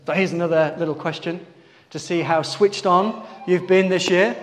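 A man's voice: sits high, fairly even intonation, normal speed. Man preaching in a reverberant hall. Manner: asks the congregation questions, calls on people by name. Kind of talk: sermon.

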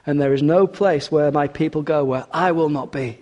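Male preacher, mellow tone, expressive sermon delivery, echoing hall. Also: fairly high pitch, normal speed, highs cut off. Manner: expressive, rising for emphasis, drops quiet for scripture.

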